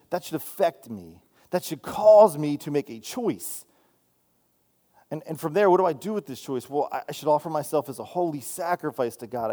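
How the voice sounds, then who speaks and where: This student minister preaches in a slightly high voice with a dark tone. He keeps the sermon casual and conversational, often restarting his sentences and asking "right?" along the way.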